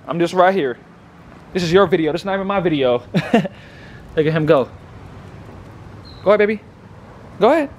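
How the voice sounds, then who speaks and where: A man casually vlogging outdoors on a handheld phone, chatty and laughing often, slipping into high coaxing baby talk with his dog. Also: animated, fairly quick, long pauses, lo-fi sound, a little hiss or hum. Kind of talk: casual vlog narration. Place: outdoors in a city park and streets.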